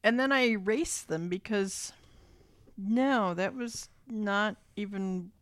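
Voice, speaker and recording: A woman co-hosts a casual chat in an easygoing way, sometimes reading out items with hesitant fillers. Her voice is of middling pitch, recorded dry and close. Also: slow, fairly bright tone, no room sound. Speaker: podcast co-host.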